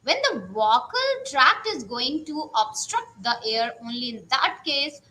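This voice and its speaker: Woman, teacher, pronunciation lesson, repeats sounds, high, lively pitch. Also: poor audio. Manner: slow, repeating each sound, drawn out vowels.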